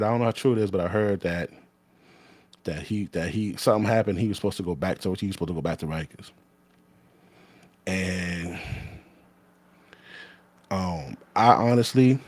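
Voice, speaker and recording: A man's voice: fairly low pitch, darkish tone, no echo. A man, a former corrections officer telling a story in casual, blunt, profane talk that often restarts mid-sentence.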